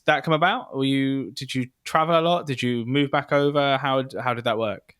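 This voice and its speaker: A man's voice: mid-range voice, steady tone, normal speed, fairly bright tone, smooth. A man hosting a podcast, chatting casually and asking his guest questions one after another. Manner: conversational, asks several questions in a row. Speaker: podcast host. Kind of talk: casual interview.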